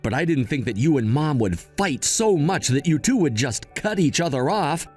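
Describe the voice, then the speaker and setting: A man's voice: a little high, big pitch swings, moderate pace, darkish tone, breathy edge, faint music behind. A man voicing a scheming, entitled brother who talks smugly and whines when caught out. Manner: smug, whining. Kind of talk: text-story voice acting.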